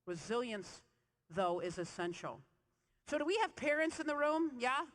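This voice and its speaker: A woman giving a motivational keynote on a convention stage, telling lively stories and quizzing the audience. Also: fairly high pitch, moderate pace. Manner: animated storyteller, quizzing the audience. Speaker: keynote speaker. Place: large convention hall stage. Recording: reverberant convention hall.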